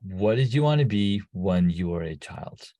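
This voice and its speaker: A man's voice: on the low side, animated, moderate pace, mellow, no echo. A man hosting a podcast interview, upbeat and encouraging with his guest. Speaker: podcast host.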